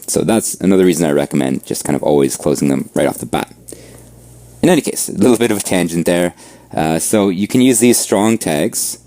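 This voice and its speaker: A man teaching a coding class over a screen share, explaining at a relaxed pace and checking in with "right?". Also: low-pitched, no echo. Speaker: coding instructor.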